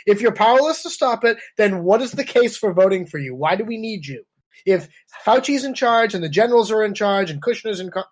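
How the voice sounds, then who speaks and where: A woman co-hosting a political podcast, talking in a blunt, profane, sarcastic rant. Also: on the high side. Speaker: podcast co-host.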